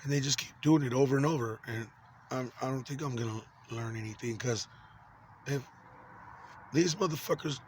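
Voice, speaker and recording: A man's voice: medium pitch, normal speed, pauses often, a little hiss or hum. A man in his forties talking to camera in an angry, rambling, profane monologue full of fillers and restarts. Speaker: vlogger.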